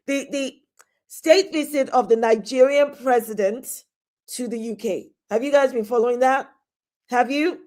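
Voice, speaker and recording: This middle-aged woman hosts a live talk stream, chatting casually, greeting viewers by name, and laughing often. Her voice sits high and darkish, and she keeps a measured pace.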